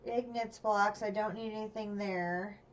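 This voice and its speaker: A woman's voice: medium pitch, fairly even intonation, measured pace, far from the mic. A woman streamer commenting on a game as she plays, thinking aloud and chatting to herself. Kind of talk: gameplay livestream commentary.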